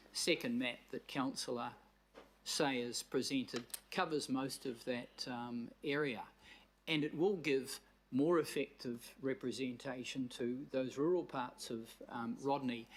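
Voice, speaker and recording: A male councillor with a New Zealand accent makes his case in a council chamber. He talks in a measured way, often pausing on fillers as he searches for words, at a mid-range pitch. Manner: measured, hesitant with frequent fillers. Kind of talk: council meeting debate speech.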